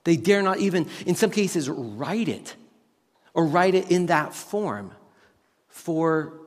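A man preaching a sermon as pastor, teaching on Hebrew words with lively rhetorical questions. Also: fairly high pitch, slow pace, big-room sound. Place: church sanctuary with tech team.

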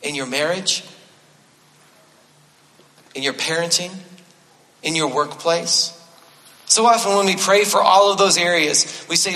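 A man's voice: high-pitched, steady tone, a little slow, pauses often, pushed and bright. A man preaching a sermon as a pastor, speaking conversationally with touches of self-deprecating humor and repeating his key phrases for emphasis. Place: church sanctuary. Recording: long reverb of a large hall.

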